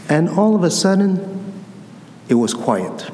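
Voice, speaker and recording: A fairly high-voiced man preaches a homily, telling his story like a conversation and voicing the people in it. He sounds echoey under a long church reverb, with faint ambience behind him. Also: big pitch swings, unhurried, warm tone, a little hiss or hum. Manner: conversational storytelling, acts out dialogue. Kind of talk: sermon with personal story.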